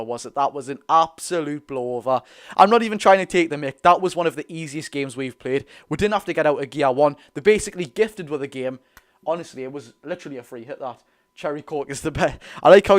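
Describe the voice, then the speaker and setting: Chatty Geordie lad, higher voice. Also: male voice. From North East England. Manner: reads viewer questions aloud and answers them chattily; calls listeners "mate" and "lads". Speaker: livestream host. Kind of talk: casual live watch-along chat.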